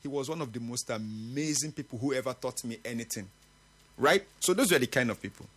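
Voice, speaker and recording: A husky-voiced middle-aged man hosts a morning radio talk show. He speaks earnestly and with emphasis, and his pitch swings widely as he makes his points. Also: lively intonation, brisk, fairly bright tone. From Nigeria. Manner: earnest, emphatic, with occasional laughs. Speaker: radio host.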